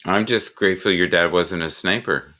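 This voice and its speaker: A man in his fifties, joking and telling animated stories in a casual chat. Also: deep voice, normal speed. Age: 50s.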